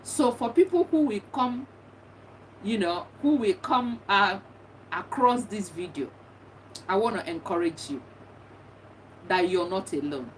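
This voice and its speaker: A woman's voice: medium pitch, expressive, a little slow, pauses often. A middle-aged woman, a bereaved mother, giving earnest and encouraging advice, often repeating herself. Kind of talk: personal testimony talk. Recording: distant mic with faint background noise.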